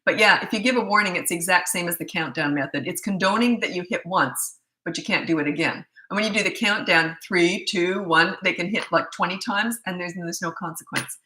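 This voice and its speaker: A middle-aged woman coaching parents, blunt and chatty as she slips from advice into family stories. Her voice is bright and forceful and sits on the low side for a woman. The room around her is echoey. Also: a little fast, few pauses. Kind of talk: casual advice talk.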